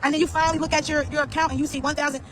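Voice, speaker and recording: A man's voice: extremely high pitch, little pitch movement, rapid-fire, a crowd in the background, poor audio. A man telling a casual storytime rant to his viewers, blunt, profane and slangy, repeating phrases as he talks. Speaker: vlogger.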